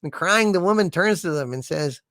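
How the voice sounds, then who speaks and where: A man hosting a comedy livestream with a bright, sharp voice that swoops up and down as he tells jokes. He plays the storyteller with theatrical flair, reading chat and hamming up the punchlines. The sound is dry and close on the mic. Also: high voice, animated, normal speed, dry recording. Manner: playful, theatrical joke telling.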